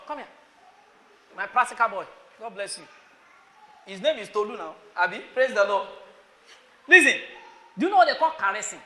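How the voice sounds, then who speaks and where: A Nigerian man preaching to a crowd of students in an echoey hall. His voice sits very high and sharply bright. He scolds his listeners and fires questions at them. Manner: scolding, rhetorical questions, calling on listeners by name. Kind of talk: sermon.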